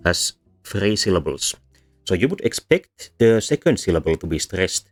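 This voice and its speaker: A man with a very deep voice talks through a lesson, stopping often to correct himself and fill gaps with ums. Faint music plays quietly under his explanation. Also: very animated, normal speed. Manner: hesitant, many ums and self-corrections. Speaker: language teacher. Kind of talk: explanatory lecture while drawing.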